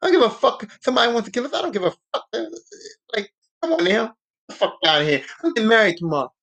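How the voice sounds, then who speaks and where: A man's voice: sits high, sing-song, quick pace, fairly bright tone, heavily acted. A man voicing a brash, dismissive teenage girl who swears constantly in swaggering slang, as a podcast recap. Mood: defiant.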